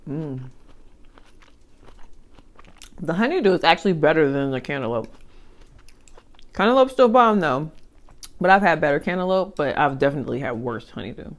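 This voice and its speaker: A young woman chatting casually as she eats on camera, animated, with side remarks and chewing sounds between thoughts. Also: low voice, brisk. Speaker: mukbang vlogger. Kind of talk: casual chat while eating.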